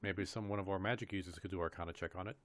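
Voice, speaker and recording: A man playing a tabletop game, thinking through rules aloud with hesitant pauses. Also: deep voice, fairly even intonation, a bit bright. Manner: thoughtful, hesitant, rules-minded. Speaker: player. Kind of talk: casual tabletop game chat.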